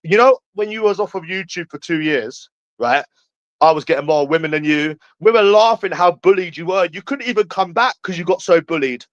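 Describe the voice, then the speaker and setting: A man's voice: a little high, expressive, normal speed, fairly bright tone, dry recording, lo-fi sound. A man with a London accent in a heated livestream rant, taunting and repeating himself. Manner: taunting, repetitive, jeering.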